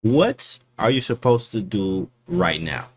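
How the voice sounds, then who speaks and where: A man casually breaking down his chess game for his stream chat, slangy and animated, often calling people bro. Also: lowish voice, slow.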